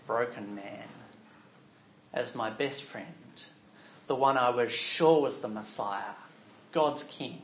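Slow, echoey male storyteller. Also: mid-range voice, slight background noise. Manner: expressive storytelling, shifting from hushed to loud. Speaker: preacher telling a Bible story. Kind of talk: first-person dramatic monologue. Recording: echoey room.

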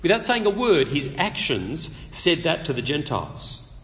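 A man preaches to a meeting in a conversational, animated way, slipping in light humor as he explains his text. His voice sits a little high and swings widely in pitch. A long reverb from the hall trails behind every phrase. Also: normal speed. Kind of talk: expository sermon at a public meeting.

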